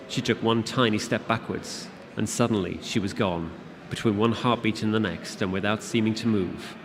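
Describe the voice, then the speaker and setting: A man reading his fantasy novel aloud to an audience at a convention, in a steady, measured narration. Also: lowish voice. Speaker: author reading his book. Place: convention event room. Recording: long hall reverb with audience.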